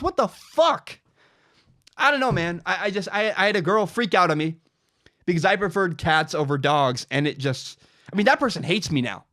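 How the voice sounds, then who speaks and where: A young man delivering a fired-up opinion monologue as host, animated and repeating himself for emphasis. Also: high voice. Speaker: podcast host giving his opinion.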